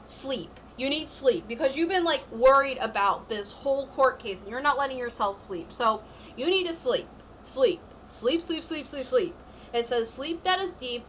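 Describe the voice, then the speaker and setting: A woman's voice: sits high, fairly bright tone, a little hiss or hum, poor audio. A woman giving a live-streamed tarot reading in a chatty, reassuring way, full of "like" and "I feel like". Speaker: tarot reader.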